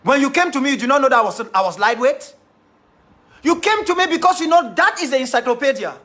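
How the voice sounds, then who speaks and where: A man with a Cameroonian English accent talks fast in an extremely high, sing-song voice that's a bit bright. Leading a group of activists, he gives his followers a defiant, impassioned monologue and leans on repeated key phrases.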